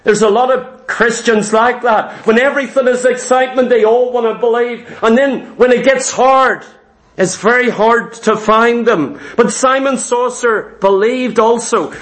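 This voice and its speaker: A man's voice: very high-pitched, a little slow, fairly bright tone. A man preaching a sermon, emphatic and fervent, retelling scripture with vivid asides.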